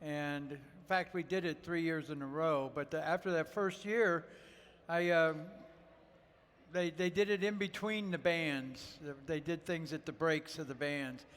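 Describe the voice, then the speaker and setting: A man's voice: on the high side, steady tone, unhurried, fairly bright tone, long reverb tail. A man from Ohio, a guest chef, telling rambling, folksy stories with lots of fillers during a live cooking demo on a festival stage.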